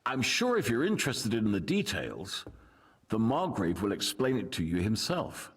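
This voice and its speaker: An actor playing a measured, diplomatic medieval nobleman who is loyal to his king, in video game voice acting. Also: lowish voice, huge pitch swings, husky, full character voice. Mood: calm. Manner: diplomatic, composed.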